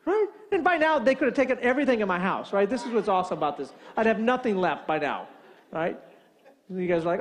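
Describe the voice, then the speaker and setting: A man's voice: sits high, sing-song, quick pace. A man preaching a sermon, telling a funny story and acting out both sides of a phone call. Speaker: pastor.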